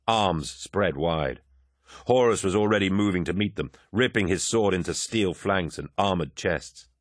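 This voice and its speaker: Deep-voiced male audiobook narrator. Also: no room sound, clean studio sound.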